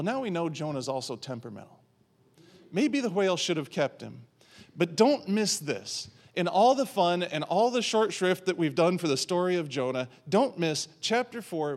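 Man preaching, fairly high voice, lively storytelling, playful asides. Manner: animated storytelling with playful asides and acted quotes. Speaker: pastor. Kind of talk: sermon.

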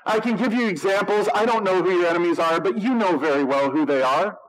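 A man preaching a sermon in a light, high voice, talking to his congregation in a loose, conversational way. He slips into sarcasm and acts out the voices he quotes. The sound comes across like a radio broadcast. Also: fairly quick, poor audio. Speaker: pastor.

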